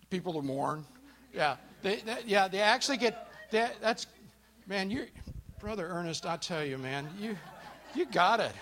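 Against slight background noise, a man whose voice sits high teaches an interactive Bible study to a live audience. He narrates the story, asks questions, thanks people who answer, and falls to a hush at the dramatic parts.

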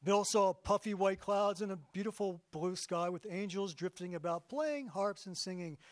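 A man giving a sermon as pastor, conversational and jokey, slowing down for emphasis. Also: high-pitched, no echo.

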